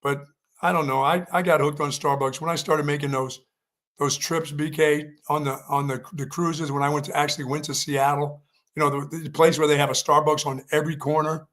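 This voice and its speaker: A man's voice: on the high side, flat delivery, brisk, fairly bright tone. A man co-hosting a sports talk show, chatting casually in a rambling, folksy way that often repeats itself. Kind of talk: casual sports radio chat.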